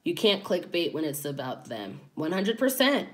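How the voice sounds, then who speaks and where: A woman's voice: fairly low pitch, big pitch swings, normal speed. A woman giving casual, chatty commentary as a YouTuber, laughing often between her points.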